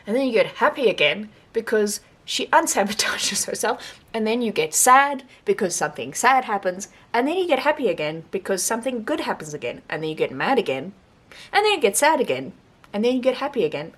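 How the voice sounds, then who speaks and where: A young woman book vlogger giving a casual, rambling monthly reading wrap-up, animated and laughing often. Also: fairly high pitch.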